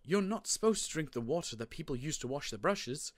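A man's voice: a little high, animated, fairly quick, no room sound, voice pushed up, close to an everyday voice. A man reading an audiobook and voicing a doting mother of five boys in a raised, lilting voice. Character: woman, a children's mother, fond and protective. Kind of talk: audiobook character voice.

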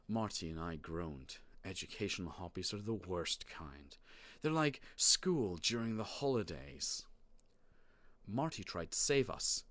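A man narrating a children's storybook in the first person, wry and animated. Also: low voice, takes it slowly, no echo. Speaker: audiobook narrator.

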